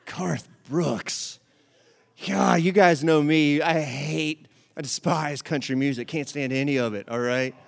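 A man's voice: on the high side, normal speed, vocal fry. A man giving a sermon, telling a comic story with frequent "all right?" asides before turning to scripture. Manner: animated, comic delivery. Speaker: pastor.

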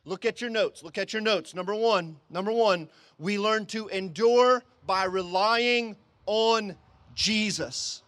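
A man with a very high voice preaches to his congregation, recorded close and dry. He swings between shouting emphasis and quiet, low-voiced passages, and repeats phrases to drive points home. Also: takes it slowly, no echo. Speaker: pastor. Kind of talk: sermon. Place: drive-in service.

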